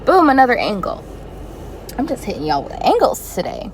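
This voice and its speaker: A young woman telling a personal story in a casual vlog, animated and expressive with dramatic reactions. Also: a little high, fairly quick, slight background noise, low-quality recording. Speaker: flight attendant vlogger.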